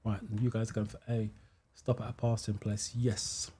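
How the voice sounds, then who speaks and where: A man's voice: fairly low pitch, flat delivery, moderate pace, warm tone, a little hiss or hum. A British man hosting a live driving theory stream, chatting casually as he reads viewer comments and explains answers. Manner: chatty, thinks aloud, many ums, thanks viewers.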